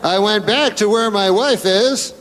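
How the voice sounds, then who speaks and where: A man's voice: sits high, unhurried, in a large hall, very noisy, pitched above the performer's own voice. A man doing a bumbling suspect's voice. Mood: earnest. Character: bumbling male suspect giving a flimsy alibi.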